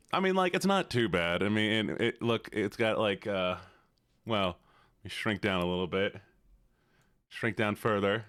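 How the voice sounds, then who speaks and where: A man's voice: mid-range voice, a little slow, a bit bright, smooth. A young adult man streaming live, rambling in a self-deprecating way to his chat.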